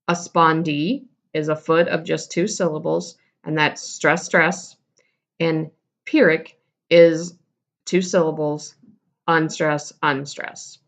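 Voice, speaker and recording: A woman's voice: deep voice, little pitch movement, takes it slowly. A woman teacher giving a casual recorded lesson, explaining terms and correcting herself as she goes.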